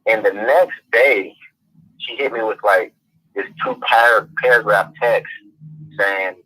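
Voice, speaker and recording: A man's voice: on the low side, slow pace, pushed and bright, breathy edge. A man from Florida calls in with a question and tells a long, rambling, casual story. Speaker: caller. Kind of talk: phone-in question. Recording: tinny phone line.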